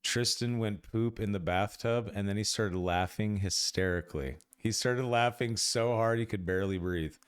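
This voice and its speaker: A man's voice: lowish voice, moderate pace, hardly any pauses, smooth, no echo, clean studio sound. A man hosting a tabletop game stream in casual chat, jokey and profane, laughing often. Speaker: game master and stream host.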